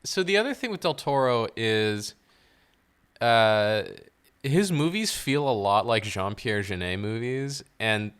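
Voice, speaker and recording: Bright, lively, opinionated man. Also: mid-range voice, unhurried, clear, resonant tone. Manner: opinionated, wry. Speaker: podcast co-host. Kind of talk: casual movie chat.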